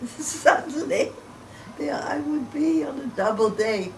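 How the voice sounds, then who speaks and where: Elderly woman interviewee, unhurried, chatty family anecdotes, recorded from a distance with noise behind. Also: fairly high pitch, lively intonation. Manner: chatty storyteller, laughs between anecdotes. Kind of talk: oral history reminiscence. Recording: distant mic with background noise.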